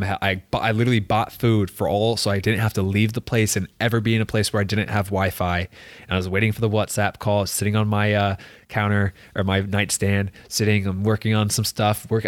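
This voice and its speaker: A man's voice: lowish voice, dry recording. A young man, a soccer player, telling a personal story in casual chat, filling it with "like" and acting out what people said. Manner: rambling, heavy use of "like", acts out quoted dialogue.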